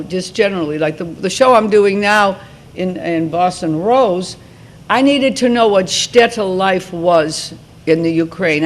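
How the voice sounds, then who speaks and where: A woman in her seventies speaking to high school students as a guest, talking informally and rambling with frequent restarts. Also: a little hiss or hum. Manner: rambling, restarts mid-thought. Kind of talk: informal talk and Q&A.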